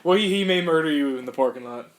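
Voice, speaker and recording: A man's voice: a little high, lively intonation, quick pace, slight background noise. A young man in casual podcast chat, joking and egging his friends on. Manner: joking, eggs others on. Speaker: podcast co-host.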